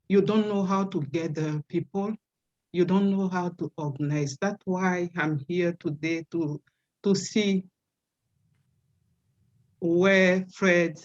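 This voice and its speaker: A speaker with a strong French accent on a video call, talking in a casual, halting way with many fillers and restarts. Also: mid-range voice, lo-fi sound. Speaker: webinar participant. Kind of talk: casual spoken remarks.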